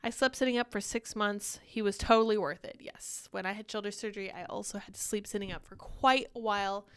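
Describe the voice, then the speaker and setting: A woman's voice: medium pitch, fairly even intonation, brisk, clean tone. A young woman hosting a casual live-stream show, chatting animatedly and reading viewer comments aloud, a little short of breath. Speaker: livestream show host.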